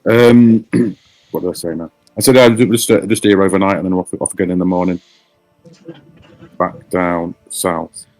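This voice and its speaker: A man playing his character in a tabletop game over a video call, casual and laconic, sometimes halting. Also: deep voice, fairly even intonation, darkish tone, dry recording, faint music behind. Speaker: player.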